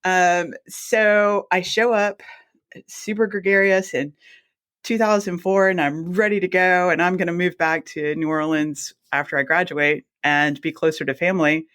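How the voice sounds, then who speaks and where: A woman, a guest telling her career story in a chatty, animated way and acting out her own reactions. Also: on the low side, moderate pace. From South Mississippi. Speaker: guest, anesthesiologist assistant. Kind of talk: casual storytelling interview.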